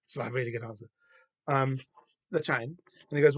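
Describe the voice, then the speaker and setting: A man with a Southern English accent hosting a podcast, chatting casually and excitedly about a comic, swearing freely and rambling with lots of fillers. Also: medium pitch, fast, breathy edge, no echo. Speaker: podcast host. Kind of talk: casual comic book discussion.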